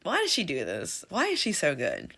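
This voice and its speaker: Young female vlogger, bright tense voice, confessional, emotional song reaction. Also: low voice, wildly swooping pitch, moderate pace, creaky. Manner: emotional, confessional, swears and sighs.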